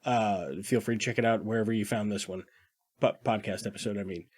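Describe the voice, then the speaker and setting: A man's voice: fairly low pitch, steady tone, darkish tone. A young man co-hosting a casual film podcast, joking and riffing in a chatty way. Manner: joking, quick riffs, chatty. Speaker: podcast co-host.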